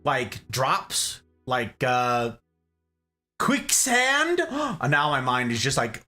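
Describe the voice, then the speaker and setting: A man chatting with his stream audience in a playful, jokey way. His bright voice swings widely in pitch. Soft music plays faintly behind him. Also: slow pace. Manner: playful, animated, jokey banter with chat. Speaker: game streamer reading chat. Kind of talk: casual live-stream chat.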